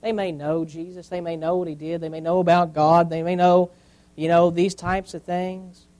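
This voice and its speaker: A man preaching a sermon as a pastor, repeating key phrases and dropping from loud emphasis to near quiet. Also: a little high, flat delivery, normal speed, low-quality recording.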